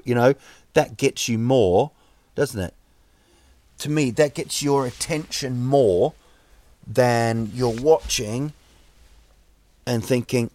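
A man talks in an unhurried, meandering way, often stopping to restart his sentences. His humor is wry and sarcastic, and his voice sits at an ordinary middle pitch. The sound is dry and close, with no room echo. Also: a little mellow. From New Zealand. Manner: rambling, halting, wry and sarcastic. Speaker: podcast host. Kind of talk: comic monologue.

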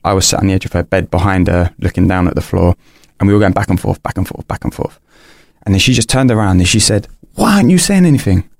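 A man's voice: low-pitched, flat delivery, quick pace, gravelly, no room sound, clean studio sound. A young man, a podcast guest, candidly telling a personal story in an earnest, rambling way, full of restarts and fillers.

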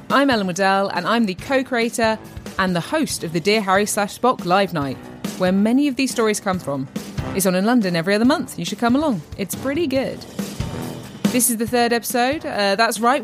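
A woman's voice: on the high side, animated, moderate pace, music in the background. Wry woman hosting a comedy podcast. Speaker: podcast host. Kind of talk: scripted podcast introduction.

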